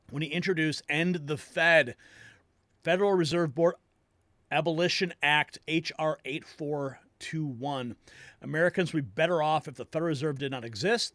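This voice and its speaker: A male host delivering excitable political news commentary, reacting to clips. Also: a little high, no echo.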